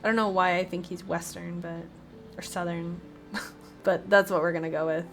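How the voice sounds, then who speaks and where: A woman's voice: on the low side, steady tone, moderate pace. A woman hosting a gaming video, chatting casually to her viewers as she plays. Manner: chatty, addresses viewers directly. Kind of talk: casual gameplay commentary.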